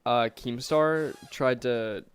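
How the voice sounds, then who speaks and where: A man's voice: mid-range voice, takes it slowly, smooth. A young man co-hosting a podcast, chatting casually with sarcastic jokes and frequent swearing. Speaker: podcast co-host. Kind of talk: casual chat.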